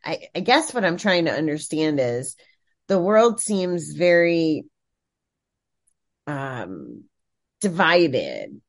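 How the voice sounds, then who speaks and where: A woman's voice: lowish voice, lively intonation, measured pace. A woman hosting a casual chat, thoughtfully working her way through a question.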